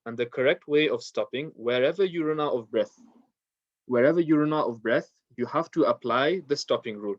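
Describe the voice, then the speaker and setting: A man's voice: medium pitch, fairly quick, no echo, highs cut off. A man teaching a beginners' Quran recitation class, patiently explaining the rules step by step and reciting verses to demonstrate them. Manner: patient, repeats steps, recites verses in Arabic. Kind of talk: online class lesson.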